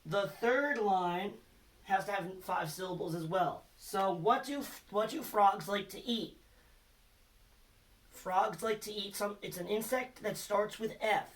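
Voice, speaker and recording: In a high-pitched, fairly bright voice, a man speaks a little slowly while teaching children in a recorded lesson. He encourages them patiently and poses questions with letter clues, sounding a touch distant from the mic.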